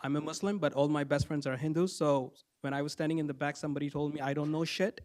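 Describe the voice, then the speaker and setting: A middle-aged man from India, giving a public comment at a council meeting, plain and measured with a few fillers. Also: fairly high pitch, fairly even intonation, a little mellow.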